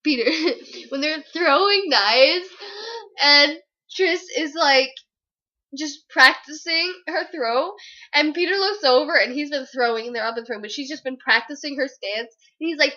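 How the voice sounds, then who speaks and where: Young woman, high voice, slow talker, giggly, rambling, casual book review vlog, slightly lo-fi audio. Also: bright, forceful tone.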